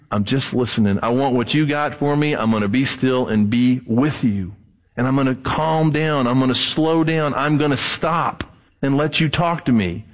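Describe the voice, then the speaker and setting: A male pastor preaching a sermon, swinging his voice high and low and acting out the people he quotes. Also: big-room sound, rough recording.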